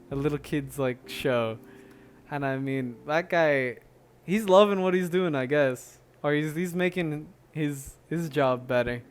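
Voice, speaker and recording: Rambling young man hosting a solo podcast. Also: fairly high pitch. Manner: rambling, laughs often, many restarts and fillers. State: out of breath. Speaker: podcast host. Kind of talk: casual solo podcast monologue.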